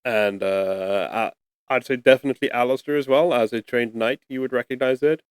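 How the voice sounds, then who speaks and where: A man acting as game master, chatty and quick to laugh as he narrates. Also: mid-range voice, smooth, no echo, clean studio sound. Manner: chatty, laughs often, many restarts.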